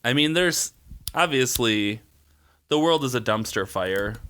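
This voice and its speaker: A man guests on a casual studio podcast, talking earnestly and working through his thoughts with fillers. His voice is bright and forward, at a middle pitch. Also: expressive, a little slow, clear, resonant tone.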